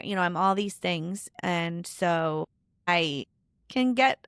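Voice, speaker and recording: A woman's voice: fairly low pitch, a bit bright, smooth, dry recording, studio quality. A woman in her thirties hosting a podcast interview, talking in a chatty, casual way with many fillers. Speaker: podcast host.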